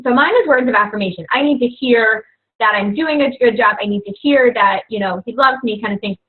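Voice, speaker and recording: Speaking a little fast and slightly high, this young female fitness coach chats earnestly and casually with other coaches. Her rambling is full of "like" and "you know," heard through tinny, phone-like audio.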